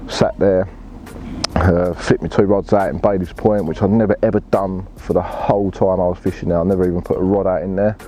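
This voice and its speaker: Deep-voiced angler, blunt and laddish. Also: male voice, fairly even intonation, brisk, warm tone, soft background music. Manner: blunt, swears freely, laddish slang. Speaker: angler telling his story. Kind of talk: casual storytelling.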